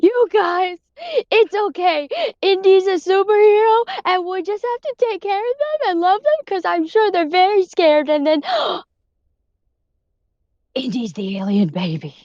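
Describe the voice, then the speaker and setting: Woman voicing small earnest kid, high-pitched and dry, muffled line. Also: animated, unhurried, a little mellow, no echo. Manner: high, eager child voice. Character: sweet little girl, earnest and comforting.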